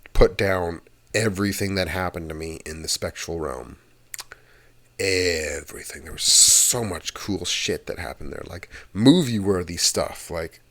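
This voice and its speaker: Low-voiced young man rambling. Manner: meandering and chatty, with casual swearing. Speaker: ASMR channel host. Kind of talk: rambling casual monologue.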